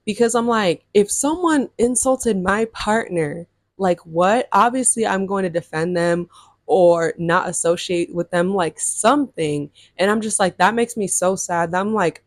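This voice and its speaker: A woman's voice: mid-range voice, normal speed, no room sound, studio quality. A woman in her early twenties telling a storytime to her viewers, chatty and full of fillers. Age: 20s. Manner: chatty, lots of fillers, animated retelling. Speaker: vlogger. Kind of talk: casual storytime chat.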